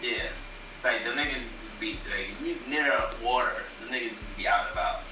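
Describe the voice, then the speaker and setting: A man's voice: medium pitch, moderate pace. A man co-hosting a casual movie review chat, telling stories in a loose, profane way. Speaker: podcast co-host. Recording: echoey room with background noise.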